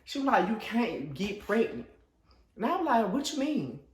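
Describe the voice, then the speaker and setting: Young male vlogger, animated storyteller, bouncy lively voice, roomy echo. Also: normal speed, noisy background. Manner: animated, acts out quotes in a high dramatic voice. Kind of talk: casual storytelling.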